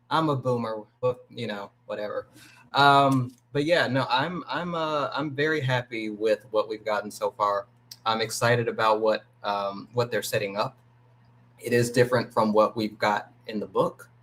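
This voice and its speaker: A man on a fan discussion panel, speaking in a measured, hesitant way over a video call. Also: medium pitch, fairly bright tone.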